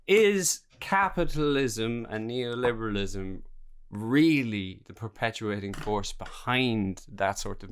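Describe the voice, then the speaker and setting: A man's voice: fairly low pitch, fairly bright tone, slight background noise. A man hosting a podcast who rambles through a question in casual conversation, searching for words and swearing. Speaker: podcast host.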